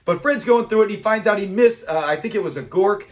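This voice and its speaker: A man's voice: sits high, quick pace. A man hosting a casual episode review, enthusiastic and rambling into side notes while acting out the lines. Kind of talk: casual chat.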